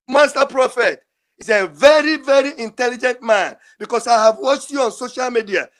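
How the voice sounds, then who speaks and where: A man's voice: very high-pitched, a bit bright. An older man, calling in to a show and speaking in an emotional, pleading, repetitive way. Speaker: caller. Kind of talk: impassioned call-in speech.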